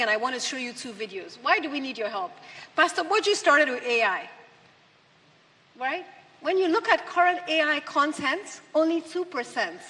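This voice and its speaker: Woman speaker at an event, punchy, asks the crowd questions, somewhat high voice, long reverb. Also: a bit bright. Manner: emphatic, rhetorical questions. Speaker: conference speaker. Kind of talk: speech to an audience.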